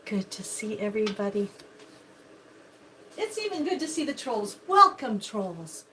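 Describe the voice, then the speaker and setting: Broadcasting from her home kitchen, an older woman runs a casual live-stream cooking chat, greeting viewers by name in a chatty, bubbly way. Her medium-pitched voice is very animated and darkish in tone, at normal speed, with a little hiss or hum present.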